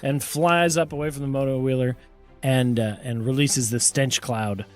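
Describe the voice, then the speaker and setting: A man's voice: medium pitch, normal speed, soft background music. Laid-back man running a tabletop game. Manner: relaxed, hesitant narration with many fillers. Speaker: game master.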